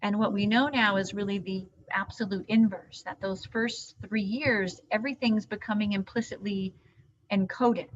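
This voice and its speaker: A woman trainer giving an animated live training talk to caregivers, teaching with hand gestures. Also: mid-range voice, moderate pace. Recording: dull lo-fi sound.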